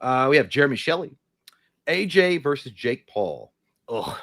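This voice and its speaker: A man's voice: medium pitch, very animated, normal speed, gravelly, a bit bright, dry recording. A man co-hosting a live movie stream, joking crudely and reading out viewer comments. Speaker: co-host. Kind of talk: casual live-stream chat.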